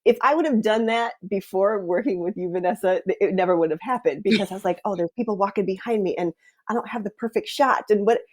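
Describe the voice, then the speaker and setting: A woman's voice: mid-range voice, fast, a little mellow. A woman guest sharing her story candidly on a video call, upbeat and laughing often. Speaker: guest client. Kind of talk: casual interview chat.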